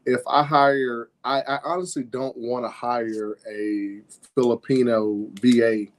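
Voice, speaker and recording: A man calling in for advice, talking casually with many pauses and fillers. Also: lowish voice. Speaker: caller. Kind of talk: casual chat.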